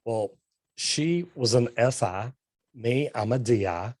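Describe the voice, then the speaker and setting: A man talks with a guest's blunt, get-to-the-point manner at an ordinary middle pitch. He tells stories full of quoted back-and-forth dialogue. The sound is dry and close. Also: slow, dry recording. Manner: animated storytelling with quoted dialogue. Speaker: plumber and sales guest. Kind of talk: casual interview conversation.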